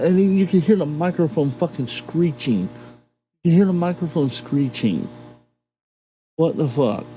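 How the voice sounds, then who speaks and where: A man's voice: on the high side, dark tone, rough recording. A man hosting a video reaction show, ranting indignantly and swearing often. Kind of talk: profane reaction commentary.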